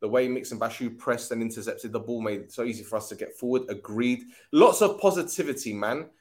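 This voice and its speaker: A man's voice: medium pitch, a little fast, darkish tone. Joking, casual male stream host. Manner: jokey, swears freely, laughs often. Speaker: host of a fan livestream. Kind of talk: casual football chat.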